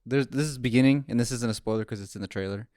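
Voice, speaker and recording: Male podcast co-host, casual reviewer, energetic filler-heavy delivery, dead dry sound. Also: medium pitch, very fast, no echo. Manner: animated, many "like"s, acts out quotes. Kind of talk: casual movie review chat.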